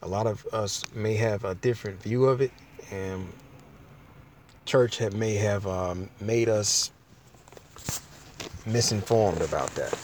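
A man's voice: on the low side, darkish tone, slight background noise. Conversational man teaching from the Bible. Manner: conversational, restarts often, reads King James verses aloud. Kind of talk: informal sermon with scripture reading.

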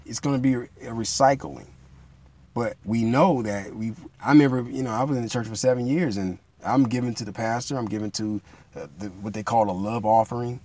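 A man preaching in a relaxed, conversational way, repeating himself and building to emphatic peaks. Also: mid-range voice, brisk. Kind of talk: informal sermon teaching.

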